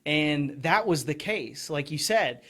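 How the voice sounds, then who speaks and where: Quick, animated podcast host, slightly high voice. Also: male voice. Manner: quick, animated, mocking voices when quoting people. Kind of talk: casual podcast chat.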